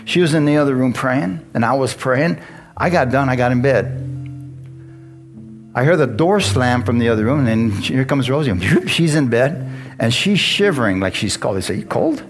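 Male pastor, middle pitch, chatty preaching with questions to the congregation, guitar playing under him. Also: animated, normal speed. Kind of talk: sermon. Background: guitar music.

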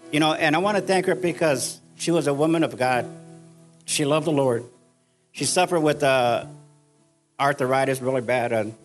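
An older man giving an earnest church testimony, halting and repeating himself, with faint music behind. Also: fairly high pitch. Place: church service.

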